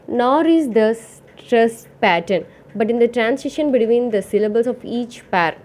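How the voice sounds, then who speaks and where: A woman reading a lecture text aloud in a steady, measured way, with some misreadings. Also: a little high. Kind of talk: read-aloud lecture on English phonetics.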